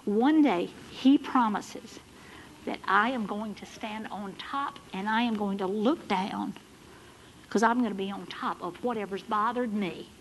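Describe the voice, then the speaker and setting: A woman preaching a sermon in a church, building to loud, fervent exhortation. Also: mid-range voice, unhurried, slight background noise, rough recording. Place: church sanctuary.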